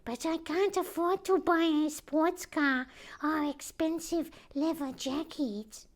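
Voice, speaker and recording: A woman voicing a mild, deadpan bearded man friend who asks slow, matter-of-fact questions. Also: high voice, pitched above the performer's own voice. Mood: wry.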